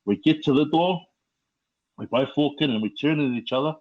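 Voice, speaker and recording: A middle-aged man with a New Zealand accent, telling his life story as a podcast guest in a slow, reflective way with many fillers. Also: a little high, phone-quality sound. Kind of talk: personal testimony.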